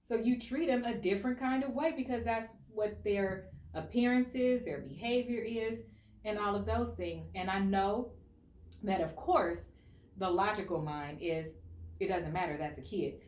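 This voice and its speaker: A woman's voice: medium pitch, a little slow, a little mellow. An American woman hosting a casual discussion, talking earnestly and with strong opinions, with many "like" fillers. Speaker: host. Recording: echoey room.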